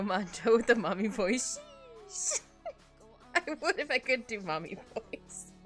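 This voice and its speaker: Giggly, lively young woman streamer. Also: medium pitch. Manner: giggly, laughs often, rambling. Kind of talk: casual chat while drawing on stream. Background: faint background music.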